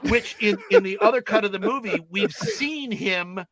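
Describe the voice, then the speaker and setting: A man's voice: high voice, lively intonation, moderate pace, crowd noise. A man retelling film scenes in casual chat, acting out the characters' lines as he goes. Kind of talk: animated storytelling in casual chat.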